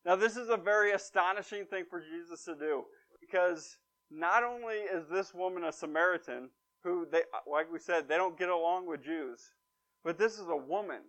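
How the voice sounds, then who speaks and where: A man's voice: high voice, normal speed, a bit bright. A man preaching a conversational sermon, retelling a story with wry, emphatic asides. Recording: dull lo-fi recording.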